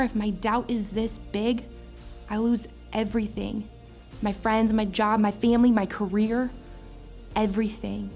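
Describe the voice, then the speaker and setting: A woman's voice: fairly high pitch, a little mellow. A young adult woman pastor preaching a sermon, earnest and emotional, rising into impassioned prayer. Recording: faint music behind.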